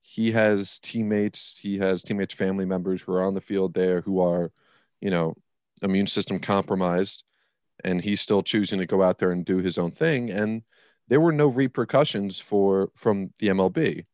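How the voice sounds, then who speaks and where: A man's voice: low-pitched, fairly even intonation, moderate pace, a little mellow, dry recording, clean studio sound. A man co-hosting a casual sports podcast, talking in a rambling, emphatic way. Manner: rambling, emphatic, swears when worked up. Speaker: podcast co-host.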